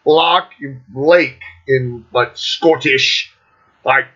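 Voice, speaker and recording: A man's voice: medium pitch, drawn-out words, fairly bright tone. A man hosting his own show, talking in a loose, rambling, casual way with constant swearing and fillers. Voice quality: heavy swearing, loose filler-laden talk. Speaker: host. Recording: lo-fi dull recording.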